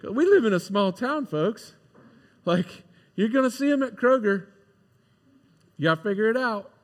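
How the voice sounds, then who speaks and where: A male pastor delivering a casual, animated sermon and acting out the voices in a parable. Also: sits high, normal speed. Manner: conversational, animated, acts out quoted voices. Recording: long hall reverb.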